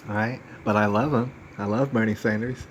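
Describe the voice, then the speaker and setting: A man's voice: fairly low pitch, fairly even intonation, a little fast, lo-fi sound, a little hiss or hum. A man hosting a live stream, telling a story in a rambling, emphatic way and acting out what other people said. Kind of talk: casual storytelling rant.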